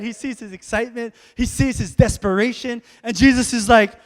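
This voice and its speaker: A man preaching a sermon to a congregation, calling out to them and building to loud exhortations. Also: extremely high pitch, fairly quick, hardly any pauses, in a large hall. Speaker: pastor.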